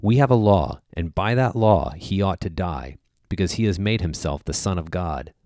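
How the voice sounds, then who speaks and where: A man voicing an angry crowd of priests, read louder and more insistently during a scripture reading. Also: deep voice, animated, moderate pace, no room sound, studio quality.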